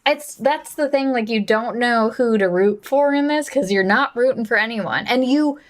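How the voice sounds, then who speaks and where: A woman's voice: on the high side, normal speed, slight background noise. Chatty woman co-hosting a podcast. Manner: relaxed, chatty, laughs along. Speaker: podcast co-host. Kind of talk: casual movie chat.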